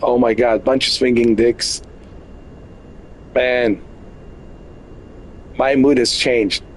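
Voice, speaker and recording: A man's voice: mid-range voice, fairly even intonation, takes it slowly, slight background noise, poor audio. Joking man streaming a flight game. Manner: joking, exaggerated mock complaints with laughs. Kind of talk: casual live gameplay commentary. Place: bedroom at home.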